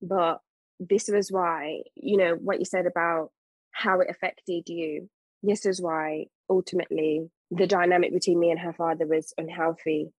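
A woman's voice: on the low side, level tone, normal speed, husky, no room sound, poor audio. A woman, a mother, talking earnestly and emphatically in a casual podcast conversation. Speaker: guest, mother.

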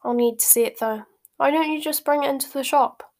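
A woman voicing a wary, stooping middle-aged shopkeeper man who speaks slowly and noncommittally. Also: sits high, darkish tone, pitched above the performer's own voice. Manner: slow, noncommittal.

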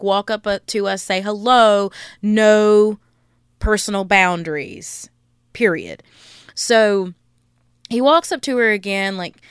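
A young woman telling a story on her podcast in a casual, blunt rant full of swearing. Her voice is smooth and clear, recorded close and dry with no room sound. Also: on the low side, no echo. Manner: blunt, profane, animated venting. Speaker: podcast host.

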